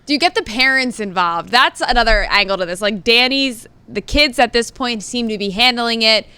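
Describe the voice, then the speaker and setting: Bright, crisp-voiced woman co-host. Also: a little high, no echo. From Philadelphia area. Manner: quick to chime in, lively and joking. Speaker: advice show co-host. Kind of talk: casual TV advice chat.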